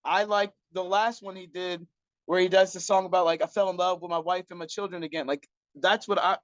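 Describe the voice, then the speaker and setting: Casual podcast co-host: a man with a high voice, blunt and profane, recorded dry and close. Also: steady tone, fairly quick, no room sound, lo-fi sound. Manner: blunt, profane, restarts often. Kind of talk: casual chat.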